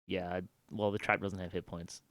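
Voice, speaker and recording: A man running a tabletop game as game master on a stream, talking in a relaxed, halting way full of fillers. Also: sits low, dry recording.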